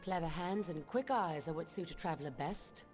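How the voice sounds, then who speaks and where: A woman's voice: fairly low pitch, normal speed, a little mellow, soft background music, lightly acted. A woman voicing a solemn, devout traveler. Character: solemn female traveler devoted to a seer.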